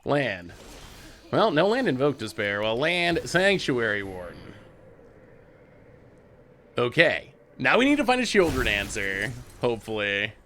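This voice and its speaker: A man's voice: mid-range voice, big pitch swings, measured pace, pauses often, a bit bright, slight background noise. A man hosting a show, giving casual commentary on a card game as he plays, chatty and laughing often. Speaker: host.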